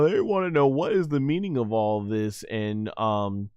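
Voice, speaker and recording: A man's voice: on the low side, steady tone, a little slow, hardly any pauses, darkish tone, clean tone, no echo. Chatty man recapping an episode, dry sound. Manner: rambling, with many fillers and restarts, chuckling often. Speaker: anime episode reviewer, channel host. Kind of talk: casual spoken episode recap.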